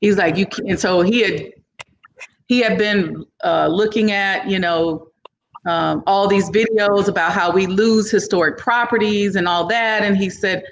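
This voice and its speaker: Woman guest, middle-pitched voice, animated storyteller who plays out each person's lines, loose casual phrasing. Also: measured pace, a little hiss or hum. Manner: animated, acts out other people's lines in the story. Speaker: entrepreneur guest.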